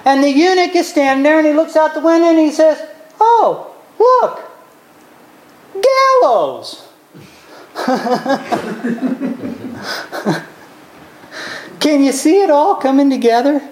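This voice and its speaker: A woman preaching a sermon, retelling a Bible story in an animated way and acting out the characters with big swings in her voice. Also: sits high, quick pace, hardly any pauses, echoey room, slight background noise.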